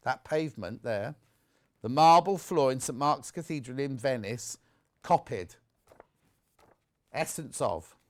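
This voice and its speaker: A man presenting on a live TV shopping show, chatty and excitable, jumping between asides. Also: medium pitch, slow, pauses often. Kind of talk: live TV sales chat. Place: TV studio.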